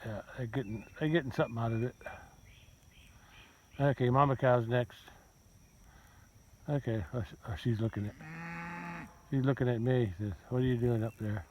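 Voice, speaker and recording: Male farmer of medium pitch, narrating his outdoor chores with a rambling, chatty delivery and speaking to his cattle in between. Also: steady tone, normal speed, long pauses, darkish tone, a little hiss or hum. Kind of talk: casual self-narrated vlog. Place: outdoors on a farm pasture.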